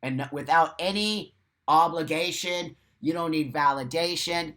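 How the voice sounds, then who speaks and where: A man's voice: fairly high pitch, measured pace, pushed and bright. An American man hosting a live morning chat, reading viewer comments and answering in blunt, profane rants. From United States. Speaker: livestream host.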